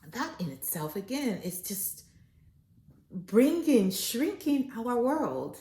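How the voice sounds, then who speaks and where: A woman travel vlogger talking casually to the camera, animated and often saying "you know" as she moves between phrases in several languages. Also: fairly high pitch, slow pace. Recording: echoey room with faint noise.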